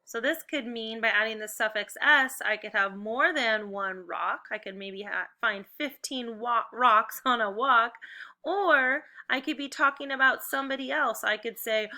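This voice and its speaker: A woman teaching first graders a phonics lesson on video. She calls out slow, clearly enunciated drill prompts and gives encouraging, upbeat praise. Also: fairly high pitch, sharp tone.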